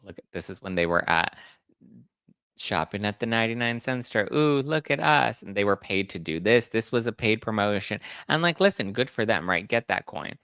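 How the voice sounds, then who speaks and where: Man, celebrity gossip host, chatty, somewhat low voice, dry room. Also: brisk, pushed and bright, clear, resonant tone, no room sound. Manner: chatty, gossipy, talks to viewers while reacting to photos.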